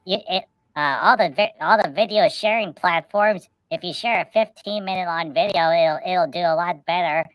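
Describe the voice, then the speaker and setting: Playful woman with a low voice, dry sound. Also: moderate pace, no room sound, muffled recording. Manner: rambling with restarts, playful. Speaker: podcast co-host. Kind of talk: casual chat, joking riffs.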